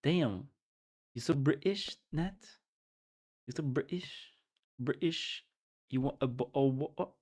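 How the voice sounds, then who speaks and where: A man on a livestream talks loosely with his chat, reading messages aloud and joking back. He rambles and repeats words as he hunts for the next one. His pitch sits right in the middle. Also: slow pace, long pauses, a little mellow. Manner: rambling, repeats words while searching for them; reads chat aloud and jokes with it. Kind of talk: casual chat with viewers.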